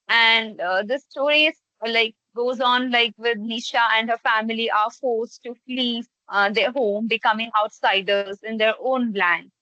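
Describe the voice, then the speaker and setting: Bright-voiced young woman, enthusiastic student. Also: on the high side, no echo. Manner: enthusiastic, with many fillers. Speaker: literature student. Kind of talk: casual discussion. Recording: dull dry lo-fi sound.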